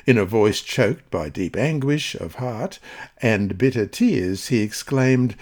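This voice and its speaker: A man reading a scripted devotional Bible study in a measured, earnest way, slowing on key phrases. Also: medium pitch, lively intonation, darkish tone. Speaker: devotional reader.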